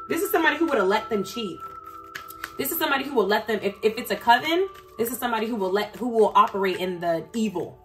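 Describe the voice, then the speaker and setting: Speaking fast in an expressive, slightly high voice, a woman delivers a casual tarot reading straight to her viewers. Her talk is blunt and profane, and she gets heated and emphatic as she goes, with faint music in the background.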